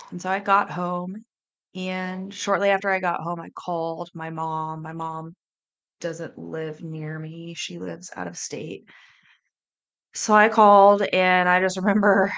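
A woman in her thirties, a life coach hosting a podcast, telling her personal story in a candid, emotional, halting way. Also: lowish voice, level tone, fairly bright tone.

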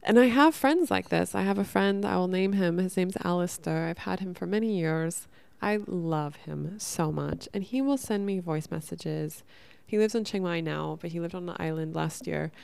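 Gravelly-voiced woman hosting a podcast. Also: fairly low pitch, normal speed, hardly any pauses. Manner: earnest, relaxed, casual swearing. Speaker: podcast host and coach. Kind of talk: casual reflective monologue.

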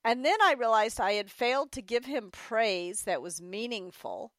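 A woman's voice: fairly high pitch, normal speed, no echo. Candid storytelling woman, dry close sound. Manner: candid, animated storytelling with quoted voices. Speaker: interview guest, author. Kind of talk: storytelling in an interview.

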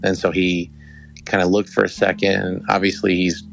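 A man's voice: low voice, little pitch movement, moderate pace, gravelly. A young adult man hosting a podcast, telling a rambling, affectionate story with many restarts. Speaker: podcast host. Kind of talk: casual storytelling.

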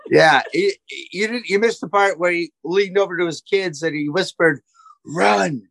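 A man's voice: high voice, normal speed, fairly bright tone, no echo. A man guest on a podcast, making playful dry jokes in casual chat.

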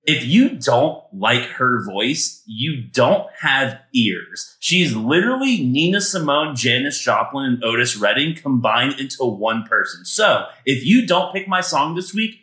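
A man's voice: medium pitch, sing-song, unhurried, few pauses, bright, forceful tone. An American man co-hosting a casual podcast with playful, teasing banter. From United States. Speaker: podcast co-host. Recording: roomy echo.

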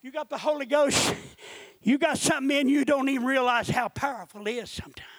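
Man, preacher, sermon, very high voice, impassioned, bursts of shouting, dry close sound. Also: fast talker, dry recording.

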